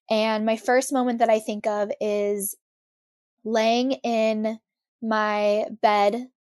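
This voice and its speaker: A young woman in her twenties, a podcast guest telling her personal story in an emotional, animated way. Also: on the high side, no room sound, studio quality.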